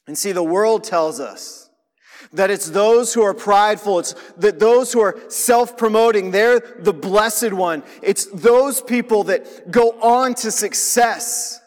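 A man's voice: high voice, measured pace, in a large hall. A man giving a sermon as a pastor, speaking in a conversational, direct way and drawing the listeners in. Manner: conversational preaching, asks listeners to notice.

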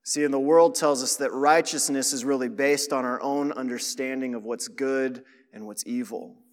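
A pastor preaches in a conversational, direct manner, his mid-range voice steady and his speed normal. He draws listeners in by asking them to notice things. A long reverb tail trails his words.

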